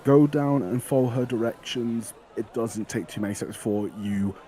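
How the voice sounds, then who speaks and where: Mellow-voiced man running a tabletop game. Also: medium pitch. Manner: relaxed, halting, with many fillers and restarts. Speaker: game master.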